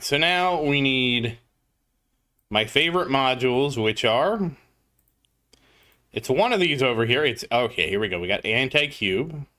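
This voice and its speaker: Male streamer, chatty and upbeat, bright tone with lots of pitch movement, talks to his chat while playing. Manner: chatty, greets chat viewers by name. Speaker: gaming livestreamer. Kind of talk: casual gameplay commentary.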